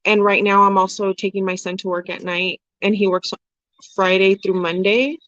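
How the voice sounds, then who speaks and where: A woman's voice: mid-range voice, steady tone, moderate pace, fairly bright tone, dry recording. A woman in her forties chats frankly with her livestream viewers, reading their comments aloud and laughing often. Her talk is loose and candid, with casual swearing. The sound is dry and a little dull, recorded close with almost no room around it. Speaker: livestream host.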